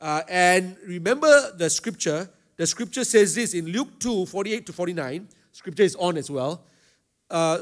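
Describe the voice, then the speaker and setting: Middle-aged pastor, slightly raised pitch, gives a youth chapel lesson with lots of "uh" pauses. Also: male voice, animated. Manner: talks to a live student audience, asks them questions; frequent hesitation fillers. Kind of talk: teaching a youth chapel talk.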